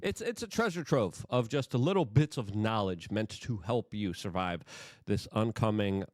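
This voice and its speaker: An excitable male host delivers political commentary in a lively, swooping voice that rises and falls all over the place. He stumbles over his words and repeats himself as he talks. The sound is dry and close, with no room to it. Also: fairly low pitch, normal speed, no room sound.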